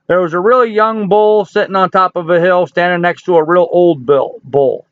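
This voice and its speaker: A man's voice: sits high, moderate pace, dry recording, dull audio. Folksy man in his sixties, livestream chat. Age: 60s. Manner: folksy, joking, chatty. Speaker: livestream host. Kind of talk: casual live chat reading viewer comments.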